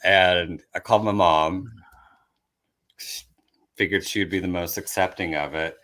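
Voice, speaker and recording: A man's voice: deep voice, steady tone, a little slow, pushed and bright. A young man and comedian, telling candid, self-deprecating stories from his life in a casual podcast chat. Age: young adult. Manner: candid, self-deprecating, acts out family voices. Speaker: comedian guest.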